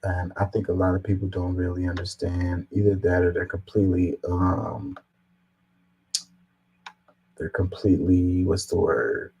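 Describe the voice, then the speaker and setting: Casual male commentary host, lowish voice, sarcastic. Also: unhurried, gravelly, breathy edge, dull audio. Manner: sarcastic, animated when mocking.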